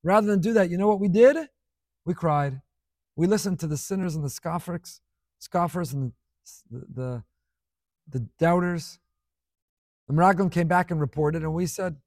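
Impassioned rabbi preaching. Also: male voice, high-pitched, moderate pace, long pauses, darkish tone, no room sound, clean studio sound. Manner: impassioned, dramatic swings in volume. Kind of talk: sermon.

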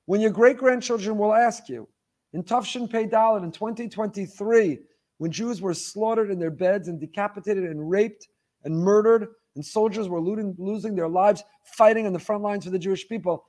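A man with a notably high voice delivers a weekly faith lecture. He speaks with fervor and hammers his points home by repeating phrases and firing off rhetorical questions. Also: moderate pace, a little mellow. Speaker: Torah teacher.

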